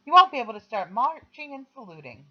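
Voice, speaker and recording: Reader putting on a cheeky teen girl, high and playful, kinda muffled recording. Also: sing-song, quick pace. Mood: chatty. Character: chatty teenage girl patient, teasing. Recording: slightly dull lo-fi recording.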